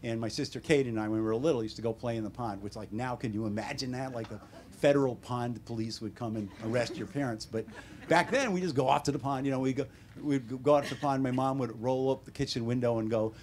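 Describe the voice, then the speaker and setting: A man in his seventies with an American accent, an author telling wry, deadpan stories at a bookstore talk. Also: medium pitch, quick pace, slight background noise. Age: 70s. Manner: wry, deadpan humor with animated quoted voices. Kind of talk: casual storytelling Q&A. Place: bookstore event room.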